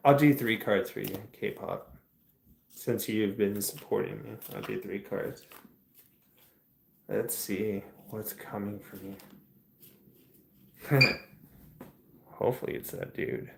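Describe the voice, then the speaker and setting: A man hosting a casual livestream, answering chat in a rambling, soft-spoken way that trails off. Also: fairly low pitch, fairly even intonation, slow, creaky, long pauses, roomy sound, slight background noise. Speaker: livestream host. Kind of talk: casual live-stream chat, reading chat questions.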